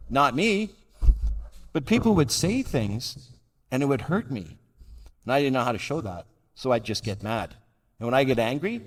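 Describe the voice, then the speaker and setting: An older man tells his own story at a recovery gathering, plain-spoken and laughing at himself. His voice sits at an everyday middle pitch. It rings with the long reverb of a big convention hall. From Canada. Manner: blunt, wry self-mocking humor. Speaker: recovery meeting speaker. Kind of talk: personal recovery talk. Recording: hall reverb from a live talk.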